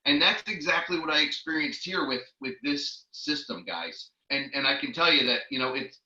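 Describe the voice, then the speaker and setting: Male trainer with a bright, sharp voice who tells lively stories, recorded in an echoey, muffled room. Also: fairly high pitch, moderate pace. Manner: lively storyteller who acts out the people he quotes. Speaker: network marketing trainer. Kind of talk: training talk with personal stories.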